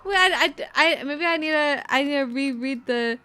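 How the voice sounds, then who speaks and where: A woman's voice: sits high, moderate pace, bright, forceful tone. A woman streamer chatting casually while she plays, giggly and thinking aloud. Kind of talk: casual gameplay chat. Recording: faint game music behind.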